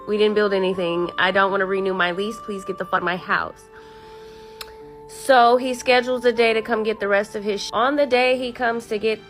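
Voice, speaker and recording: A woman's voice: medium pitch, a bit bright. A woman telling a personal story in a blunt, sassy, profane way. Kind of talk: casual storytelling.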